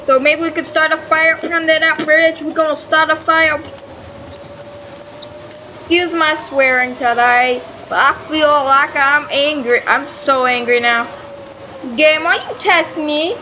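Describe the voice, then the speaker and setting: A woman casually commenting on her own gameplay, excitable and swearing freely as she talks back at the game. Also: high voice, unhurried, a little hiss or hum, poor audio. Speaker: gaming channel host. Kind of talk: casual let's-play commentary.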